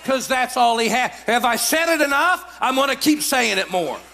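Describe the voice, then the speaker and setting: Shouting preacher, high and lively. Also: male voice, moderate pace, vocal fry. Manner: emphatic, often shouting declarations; repetitive call-and-response exhortation. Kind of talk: sermon.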